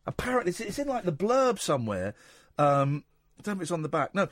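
A male radio host chatting on air in a studio, his slightly high voice swinging up and down a lot. He talks in an animated, jokey way and teases his guests. The studio mic sounds dry and close. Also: fast talker, no room sound. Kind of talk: casual radio chat. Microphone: studio microphone.

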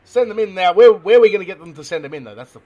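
An Australian man co-hosting a casual sports chat podcast, excitable, laughing often and tripping over names. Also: sits high, rapid-fire, lo-fi sound. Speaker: podcast co-host.

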